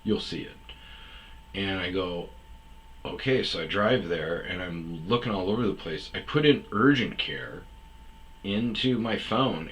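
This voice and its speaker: A man's voice: deep voice, fairly bright tone, a little hiss or hum, poor audio. A man telling a long personal story in a rambling, casual way, full of fillers and quoted back-and-forth. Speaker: podcast host telling stories.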